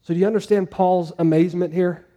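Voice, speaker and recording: A man's voice: high-pitched, steady tone, fast talker, mellow, long reverb tail. A man preaching a sermon to a congregation in a conversational way, asking them questions as he goes. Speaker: pastor.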